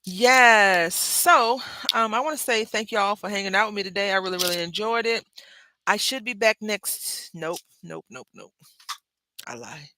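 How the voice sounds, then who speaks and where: Woman host, bright forward voice, chatty and rambling, casual craft livestream. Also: mid-range voice, expressive, moderate pace, dry recording. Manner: chatty, rambling, self-correcting, addresses viewers as y'all.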